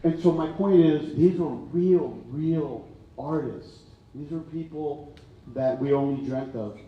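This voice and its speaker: A man's voice: a little high, takes it slowly. An older man tells stories at a town hall. He rambles and gets emotional, with lots of "uh"s. He sounds far from the mic in a big, echoey hall, and the sound is muffled. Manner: emotional, rambling storytelling with many fillers. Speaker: county health authority and physician.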